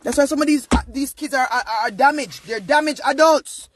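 A young adult man with a Jamaican accent talks straight to his viewers in a casual monologue. He is emphatic and often rises close to shouting. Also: extremely high pitch, moderate pace, background noise. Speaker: vlogger.

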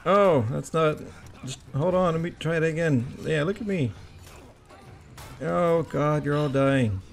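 A man giving casual commentary on his own gameplay, swearing often and breaking into excited yelps and groans. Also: a little high, measured pace, creaky.

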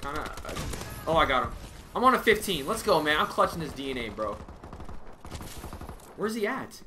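A young man talks through a live shooter match into his headset, his voice very bright and a touch high. He mutters quick callouts, then snaps into loud frustrated yelling when things go wrong. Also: sing-song, slight background noise. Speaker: gamer streamer. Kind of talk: live gameplay commentary.

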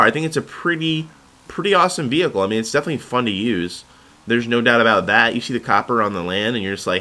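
A man's voice: medium pitch, fast, pushed and bright. A young man giving rambling, jokey commentary over his own gameplay footage. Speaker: gaming video host.

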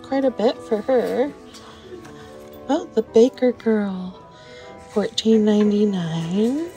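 A woman chatting casually in a shopping vlog, excited and gasping as she browses a store, with music playing behind her. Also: medium pitch, slow. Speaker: thrift reseller vlogger.

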